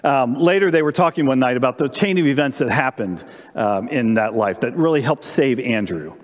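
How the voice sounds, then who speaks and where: Brief: lively male pastor, sermon storytelling, big church reverb. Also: mid-range voice, moderate pace. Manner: animated storyteller, asks congregation questions. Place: church sanctuary during live-streamed service.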